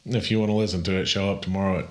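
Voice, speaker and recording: A man's voice: low voice, flat delivery, rapid-fire. A man with a Texan accent, a pastor co-hosting a casual podcast chat, telling stories in a rambling, easygoing way. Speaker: podcast co-host.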